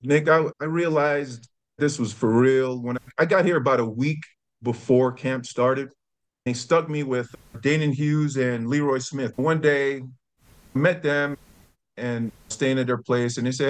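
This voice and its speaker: A man's voice: medium pitch, unhurried. A middle-aged man, a former college football player telling stories as a podcast guest, acting out the voices of the people in them. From New York. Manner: animated storyteller who acts out quotes. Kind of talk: casual storytelling.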